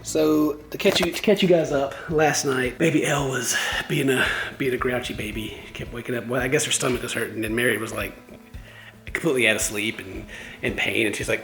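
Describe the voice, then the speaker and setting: A man's voice: mid-range voice, fast talker, roomy sound. A young man in his twenties, a new dad, chatting casually in a home vlog and acting out voices as he tells a story. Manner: animated storytelling, acts out voices. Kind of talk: casual family vlog chat.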